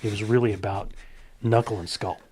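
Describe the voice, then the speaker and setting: A man's voice: lowish voice, fairly quick, a little hiss or hum. A middle-aged man chatting casually, telling stories with animation and acting out other people's lines. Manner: animated storyteller, acts out quoted voices. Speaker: guest.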